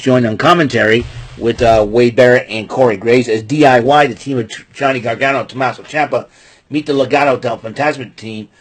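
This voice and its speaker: A man with a husky, slightly rough voice at an ordinary middle pitch talks in a loose, rambling way. He gets excited and jumps up into loud mock quotes, then drops back into chatty recap. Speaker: podcast host recapping wrestling. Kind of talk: casual chat.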